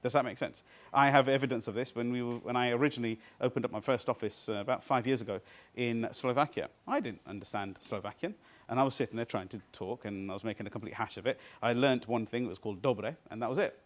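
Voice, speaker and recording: Leading a live workshop in a seminar room, a trainer speaks at a quick pace in a mid-range voice. He teaches the small group interactively, regularly checking that they can follow.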